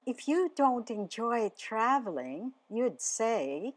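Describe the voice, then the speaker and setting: A woman's voice: on the high side, sing-song, slow pace, few pauses. A woman teaching a radio language lesson, spelling out each word letter by letter and repeating it.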